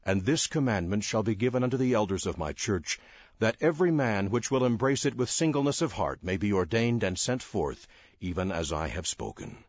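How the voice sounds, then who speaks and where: A man with a low, husky voice reads scripture slowly and solemnly, his pitch rising and falling expressively. The recording is dry and close but dull and lo-fi. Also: animated, no room sound. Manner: slow, solemn, declamatory. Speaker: scripture reader.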